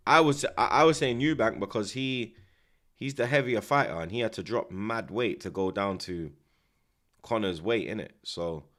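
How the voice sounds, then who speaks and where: Lively low-voiced man chatting. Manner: slangy and rambling, with frequent restarts and tags. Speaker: watchalong host. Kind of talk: casual live commentary chat.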